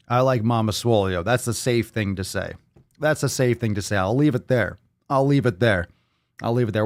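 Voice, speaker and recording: A man hosting a live podcast stream, talking loudly and excitedly, repeating phrases and swearing often. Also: lowish voice, moderate pace, no echo, clean studio sound. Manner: plays soundboard clips. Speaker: podcast host.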